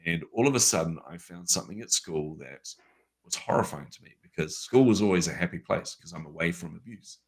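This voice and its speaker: A man with a New Zealand accent, a guest telling a story from his life in a lively, casual way with everyday fillers. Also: low voice, a little fast, slightly rough. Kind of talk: conversational storytelling.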